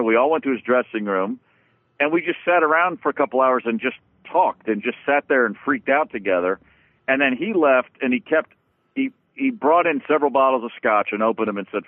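Halting, animated man on a tinny line. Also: medium pitch, dry recording. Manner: animated, halting with many restarts and swearing. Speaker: guest musician. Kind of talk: casual storytelling conversation. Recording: dry tinny phone-like sound.

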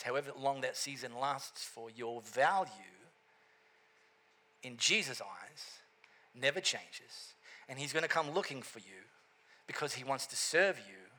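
A man preaching a sermon, telling a story with animated asides and repeated catchphrases. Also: medium pitch. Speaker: pastor.

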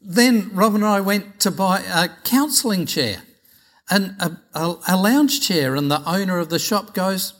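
A middle-aged Australian pastor preaches by telling anecdotes. His voice sits a touch high. He is chatty and acts out each exchange with animation. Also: unhurried, fairly bright tone. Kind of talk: sermon storytelling.

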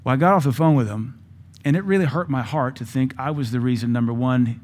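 A man's voice: mid-range voice, fairly quick, darkish tone. A man preaching a sermon, telling a personal story in a conversational way and quoting scripture in old English. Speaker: pastor.

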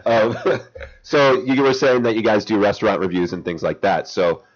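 A man hosts a relaxed podcast interview, asking questions easily. His voice sits low but moves around a lot, and the recording sounds dull and lo-fi. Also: moderate pace. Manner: easygoing, asks questions, laughs along. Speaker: podcast host. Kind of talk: casual interview chat.

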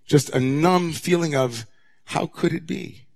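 A man, a rabbi, preaching a sermon to his congregation, moving from hushed near-whispers to raised, intense passages. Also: a little high, a little slow, vocal fry. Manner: dramatic, swings from hushed to raised voice.

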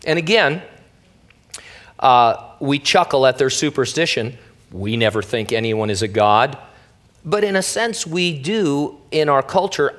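A male pastor giving a relaxed, conversational Bible teaching. His voice sits at a middle pitch, and his delivery is casual and wry, with playful asides.

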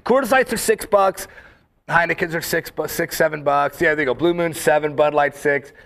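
A man in casual chat, telling rambling, animated stories full of fillers and acting out quoted lines. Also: fairly high pitch, normal speed, creaky. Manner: acts out quoted lines in the story.

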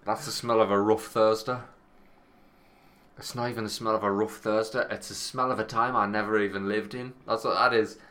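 A man's voice: on the low side, flat delivery, a little fast, pushed and bright. A man co-hosting a podcast in casual chat, rambling and swearing as he tells stories. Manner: rambling, storytelling, swears freely. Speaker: podcast co-host.

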